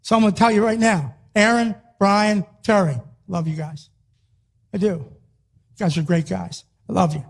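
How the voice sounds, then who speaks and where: An older man giving a motivational speech to an audience, emphatic and repetitive, sometimes rising to a shout. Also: sits high, steady tone, normal speed, creaky. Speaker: motivational speaker.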